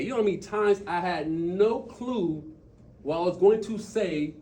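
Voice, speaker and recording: A man telling stories and coaching his team in an impromptu motivational talk, animated, with quick bursts and trailing asides. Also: sits high, far from the mic. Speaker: speaker at a team meeting.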